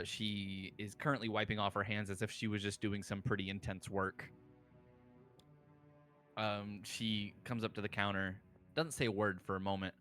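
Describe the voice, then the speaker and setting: A man narrating a tabletop role-play game in a halting, giggly way. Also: lowish voice, a bit bright. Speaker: game master.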